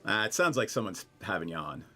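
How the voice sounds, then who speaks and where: A man's voice: deep voice, very animated, fast talker, sharp tone, exaggerated voice. A man voicing a male owlfolk tavern assistant manager who is easygoing and offhand.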